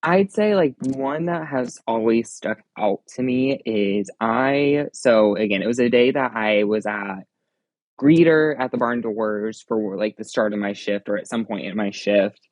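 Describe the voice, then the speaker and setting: A man's voice: mid-range voice, measured pace, darkish tone, no room sound. A man, a theme park ride operator, telling stories casually in an interview, leaning on fillers like "again" and "like". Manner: rambling, leans on fillers like "again" and "like".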